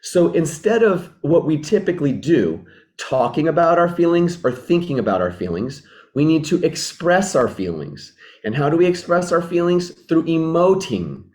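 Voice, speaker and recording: Here a man's slightly high, very animated voice carries a darkish tone at normal speed. As a relationship mentor, he gives earnest, reflective instruction, restating ideas often and acting out illustrative dialogues.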